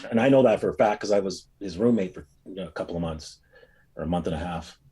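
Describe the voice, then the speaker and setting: A man casually recounting a personal experience, telling it as a rambling, animated story with frequent fillers. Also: sits low, quick pace, slightly rough. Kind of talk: casual anecdote.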